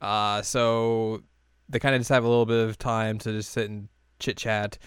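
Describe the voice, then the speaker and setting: A man chats casually while recapping a show, animated and quick to laugh. His voice is smooth and clear. The recording is close and dry. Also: lowish voice, dry recording. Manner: animated, laughs often, acts out quotes.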